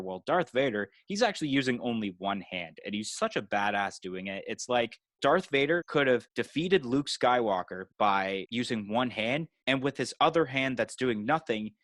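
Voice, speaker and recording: A man's voice: on the low side, a bit bright, dry recording. A man co-hosting a podcast, retelling a movie in loose casual chat with lots of "you know" and "like" fillers. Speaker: podcast co-host.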